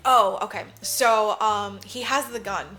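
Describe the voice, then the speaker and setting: Bright-voiced woman recapping a movie. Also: medium pitch, measured pace, soft background music. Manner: animated, swears freely, acts out characters' lines. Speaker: podcast co-host. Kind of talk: casual movie recap chat.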